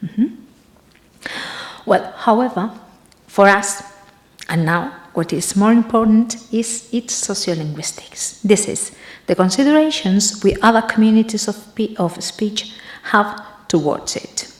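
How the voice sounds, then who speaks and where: A woman gives an academic conference talk in a lecture room. Her delivery is halting, with frequent pauses as she searches for words. Her mid-range voice rings with noticeable room echo. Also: medium pitch, expressive. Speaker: conference presenter.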